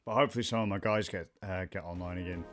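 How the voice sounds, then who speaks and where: Low-voiced man muttering through a game stream. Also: fairly even intonation, racing. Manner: rambling, muttering to himself, swears casually. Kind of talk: casual gameplay stream commentary. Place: at home, playing a video game late at night. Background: game music.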